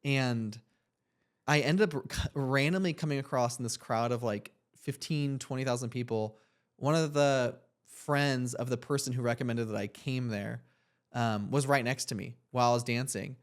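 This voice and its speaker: A man's voice: medium pitch, moderate pace. A young man co-hosts a casual podcast and tells a long personal story. He talks in an earnest, reflective, rambling way and leans on "like" as filler. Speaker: podcast co-host.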